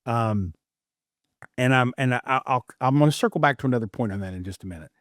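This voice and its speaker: A man co-host talks through his opinions in relaxed, casual chat, often restarting his sentences. His voice sits at a middle pitch, recorded close and dry. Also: no echo. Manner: measured, opinionated, with frequent restarts.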